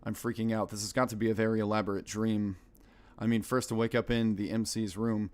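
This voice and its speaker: A man's voice: on the low side, fairly quick, clear, resonant tone. A young American man streaming, reading a visual novel aloud and rambling between lines. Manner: rambling, animated commentary with laughs.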